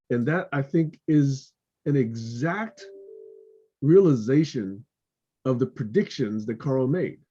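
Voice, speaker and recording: A man's voice: medium pitch, warm tone, breathy edge, highs cut off. A man speaking earnestly in a casual group video call, sharing his opinions and telling a fable. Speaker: discussion group member.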